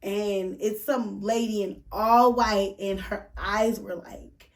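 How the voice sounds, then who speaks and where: This female podcast host has a mid-range, steady voice and speaks slowly, positioned far from the microphone. Her casual, candid account of something personal is laced with profanity and filler words, and emotion brings her near tears at points.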